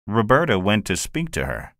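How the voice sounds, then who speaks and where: A man narrating a classic children's story in a measured, expressive way. His voice is very low, yet it moves a lot in pitch. It is recorded dry and close. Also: no echo. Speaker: audiobook narrator. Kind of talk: scripted narration.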